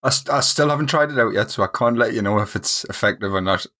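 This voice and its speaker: A man's voice: on the low side, fast talker, bright, forceful tone. A young man with a Geordie accent, co-hosting a casual gaming podcast in a laid-back, easygoing way. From North East England. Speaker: podcast co-host.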